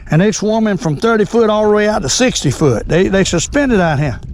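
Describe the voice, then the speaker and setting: An older man hosting a fishing vlog from a boat, folksy and excitable, repeating his exclamations. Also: sits high, fairly quick, no echo, low-quality recording. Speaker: fishing channel host. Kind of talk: casual fishing vlog narration. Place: on a boat on a lake.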